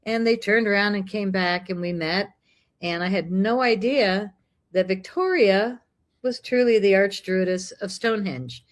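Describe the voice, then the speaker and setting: Brief: middle-aged American woman, animated storyteller, mid-pitched, chatty. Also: a little slow. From United States. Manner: lively, animated, acts out dialogue. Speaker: guest. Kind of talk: casual storytelling chat.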